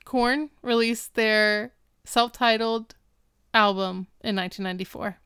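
A woman's voice: a little high, fairly even intonation, a little slow, fairly bright tone, clean tone, no room sound, studio quality. A woman co-hosting a podcast, casually recapping a TV episode with amused little asides. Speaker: podcast co-host.

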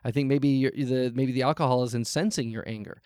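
A man's voice: medium pitch, steady tone, fast talker, a little mellow, dry recording, clean studio sound, lightly acted. A man playing a stammering, flustered advice-show host. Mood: probing. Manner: nervous, stammering, overly polite. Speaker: improv comedy host. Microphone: video call.

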